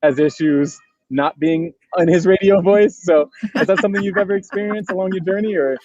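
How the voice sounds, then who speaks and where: A man's voice: sits high, a little fast, no room sound. Laid-back man on a dull, dry line. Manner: relaxed, laughing, rambling questions. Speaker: podcast co-host. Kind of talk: casual podcast chat.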